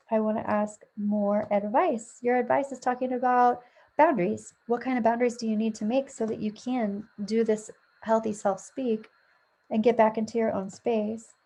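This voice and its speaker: A woman's voice: fairly high pitch, warm tone. A woman giving a casual, chatty tarot reading at home, thinking aloud and correcting herself as she goes. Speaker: tarot reader. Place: at home with a dog nearby.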